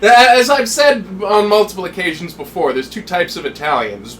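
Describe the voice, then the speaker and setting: A man co-hosting a comedy podcast, chatting casually and tossing out dry, deadpan jokes. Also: high voice, normal speed. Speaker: podcast co-host.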